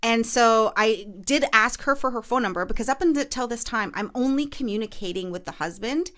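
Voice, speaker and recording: A woman's voice: on the high side, brisk, a bit bright. A woman podcast host and realtor telling a story in casual chat, full of fillers and restarts. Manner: chatty, lots of fillers and restarts.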